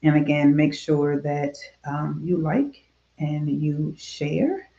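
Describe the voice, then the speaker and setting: A woman minister giving a gentle devotional talk on grief straight to camera, soft and repetitive, with many fillers and prayerful pauses. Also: deep voice, vocal fry, reverberant, lo-fi sound.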